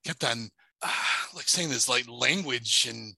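A middle-aged man recounting his own experience as an interview guest. His voice is strikingly bright and tense, recorded dry and close with no room sound. He stumbles, repeats words and restarts sentences as he talks. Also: medium pitch, measured pace, gravelly, slightly rough, no echo, rough recording. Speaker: paranormal investigator, podcast guest. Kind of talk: telling a personal story in an interview.

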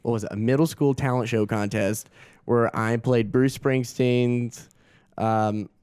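A man's voice: mid-range voice, a little slow, smooth, dry recording, studio quality. A young adult man, a guest actor, telling a story casually and acting out the quotes with laughs. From Augusta. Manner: animated, laughing, acts out quotes.

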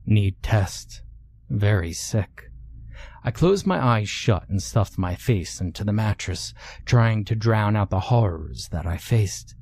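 Male horror narrator, low voice, unhurried, hushed. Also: lively intonation, creaky. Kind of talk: scripted horror story narration.

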